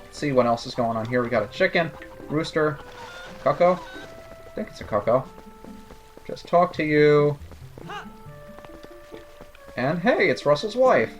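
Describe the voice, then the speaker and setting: A man's voice: on the high side, expressive, unhurried, long pauses, faint music behind. A man giving casual, sarcastic commentary over a video game playthrough. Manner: sarcastic, joking asides. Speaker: let's play commentator.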